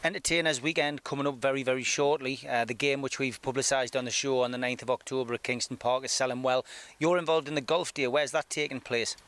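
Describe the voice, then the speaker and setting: A man presenting a football show, interviewing a guest and briskly plugging upcoming events. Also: medium pitch, fairly even intonation, fairly bright tone.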